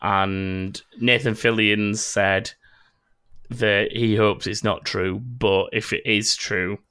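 A man's voice: on the low side, steady tone, takes it slowly, pushed and bright, smooth, no echo, clean studio sound. A man hosting a casual gaming news chat, rambling with many ums and restarts. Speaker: podcast host.

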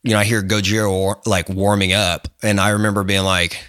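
Rambling, low-voiced man telling a story. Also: fairly quick, smooth, dry recording, clean studio sound. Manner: rambling, lots of fillers and restarts, animated retelling. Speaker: guest photographer. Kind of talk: casual interview storytelling.

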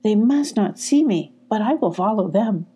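A woman's voice: medium pitch, expressive, moderate pace, warm tone, husky. A woman voicing a small, anxious young female dog who is upset and emotional in a storybook reading. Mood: worried. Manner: emotional, pleading.

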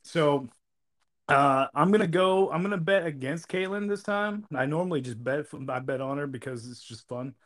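Chill co-host guy, kinda high voice, lots of uhs, easygoing betting talk. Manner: relaxed, halting with many fillers. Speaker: podcast co-host. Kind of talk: casual sports betting chat.

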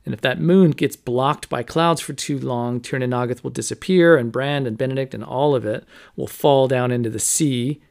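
A man's voice: mid-range voice, normal speed, creaky, a little mellow. A man hosting a podcast, casually recapping a book's chapters with lots of "you know" and "like". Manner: conversational, many fillers like "you know" and "like". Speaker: podcast host. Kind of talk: casual book recap with read-aloud quotes.

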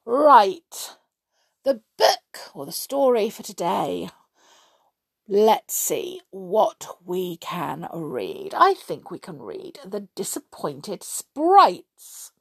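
Eine Frau liest langsam und mit lebhafter Stimme ein Kindermärchen vor, sanft und ausdrucksvoll. Die Aufnahme klingt trocken und nah. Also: female voice, mid-range voice, extremely slow, creaky, breathy edge, no room sound. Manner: gentle, expressive storybook reading. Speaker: storyteller. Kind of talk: reading a children's story aloud.

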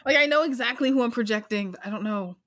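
A young woman co-hosting a podcast, chatty and self-mocking, talking in quick bursts. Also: on the high side, a bit bright. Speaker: podcast co-host. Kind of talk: casual chat.

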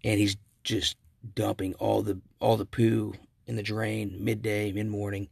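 A man's voice: on the low side, level tone, a little slow, creaky, darkish tone, husky, dry recording, clean studio sound. A man hosting a casual solo podcast, rambling through stories with self-corrections and chuckles. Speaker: podcast host.

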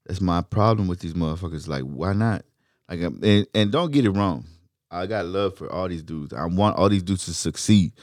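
Blunt, profane Texas rapper with a low voice. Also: male voice, moderate pace, darkish tone, dry recording, clean studio sound. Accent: Houston, Texas. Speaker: rapper, interview guest. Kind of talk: casual interview chat.

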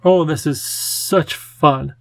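A man voicing a charming, theatrical male cat with a genteel, drawn-out, fussy way of talking. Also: fairly high pitch, gravelly, dry recording. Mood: playful, affectionate.

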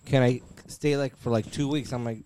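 A man's voice: mid-range voice, steady tone, a little fast, a crowd in the background. A man in a casual group podcast chat, telling a story with lots of cursing and acting out what people said. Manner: profane storytelling, acts out dialogue. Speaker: podcast co-host.

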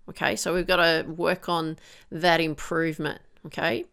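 A woman's voice: deep voice, flat delivery, moderate pace, gravelly, a bit bright, smooth. A woman coaching golfers on their mental game, who works through one question after another and sometimes acts out an inner voice. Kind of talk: coaching monologue.

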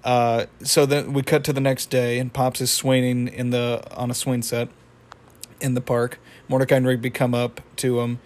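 A man casually retelling a cartoon episode, halting with many fillers and small chuckles. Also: medium pitch, level tone, darkish tone. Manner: halting, lots of fillers and restarts, chuckles often. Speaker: episode recapper.

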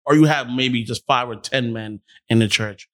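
A man's voice: medium pitch, moderate pace. A man hosting a casual talk, asking careful, probing questions of his guests. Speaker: podcast host.

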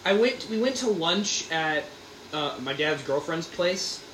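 A young man co-hosting a casual podcast, talking in an animated way with frequent laughs and quick restarts. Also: a little high. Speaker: podcast co-host. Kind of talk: casual chat. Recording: roomy echo, faint background hum.

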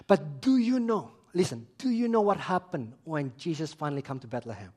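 A man preaching a sermon, emphatic, repeating phrases and putting questions to his listeners, swinging between loud emphasis and quiet asides. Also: fairly high pitch, lively intonation, brisk, few pauses, husky.

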